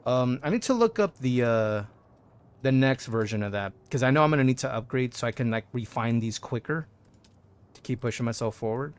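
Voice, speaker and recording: Excitable man streaming a game. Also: mid-range voice, brisk, clean tone. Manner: excitable, chatty, keeps saying "dude"; reads out and answers chat messages. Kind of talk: casual live gameplay commentary.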